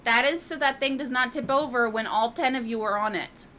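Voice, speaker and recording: A woman's voice: fairly high pitch, a little fast, bright, forceful tone, slight background noise. A woman gaming at home, chatting casually to viewers and cooing and scolding her cats in a playful sing-song. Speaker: gaming streamer. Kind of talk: casual chat while modding a game.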